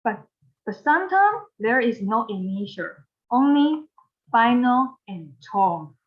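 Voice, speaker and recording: Slow, patient woman teaching Mandarin tones. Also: fairly high pitch, sing-song. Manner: patient, repeats phrases, spells out each step. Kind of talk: recorded online language lesson. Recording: dull lo-fi recording.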